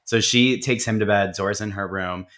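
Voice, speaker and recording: A man's voice: lowish voice, moderate pace. Man recapping a movie, profane and laughing. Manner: profane, laughing, animated storytelling. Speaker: podcast co-host. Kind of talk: casual movie recap chat.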